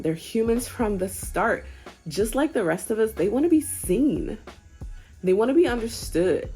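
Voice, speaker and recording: A young adult woman giving casual parenting advice to camera in an earnest, gently encouraging, conversational way. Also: medium pitch. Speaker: parenting vlogger.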